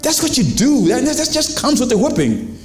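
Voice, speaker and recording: A man's voice: extremely high pitch, sing-song, moderate pace, darkish tone, reverberant, soft background music. A pastor preaching to his congregation in a church, in a conversational style with questions to the crowd and quoted voices. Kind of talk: sermon. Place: church sanctuary.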